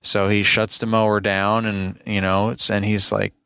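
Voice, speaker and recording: A man's voice: on the low side, little pitch movement, moderate pace, gravelly, pushed and bright, smooth, no echo. A man hosting a podcast as a lawn care business owner, telling a rambling, conversational story and sounding exasperated about complaints. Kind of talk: casual storytelling monologue.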